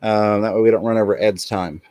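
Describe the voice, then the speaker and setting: A man's voice: fairly low pitch, fairly even intonation, fairly quick, mellow, clean tone. A man hosting a casual livestream in an upbeat way, reading the chat aloud and thanking viewers. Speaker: livestream host.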